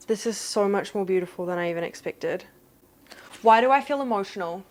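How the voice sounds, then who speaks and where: A young woman who grew up in New Zealand, chatting excitedly through a casual unboxing vlog and gushing with gasps. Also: medium pitch, a little fast. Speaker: vlogger.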